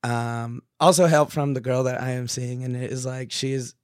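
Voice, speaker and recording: A man's voice: medium pitch, fairly even intonation, moderate pace, clean tone, dry recording, studio quality. A young man, a comedian and podcast guest, telling stories in a rambling, filler-heavy casual chat. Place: podcast studio.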